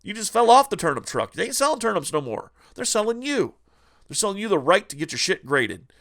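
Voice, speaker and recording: A man's voice: high voice, very animated, a little fast, a bit bright, pitched above the performer's own voice, full character voice. A man voicing a greedy scalper dude in a mocking, sneering, profane way. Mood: sneering glee.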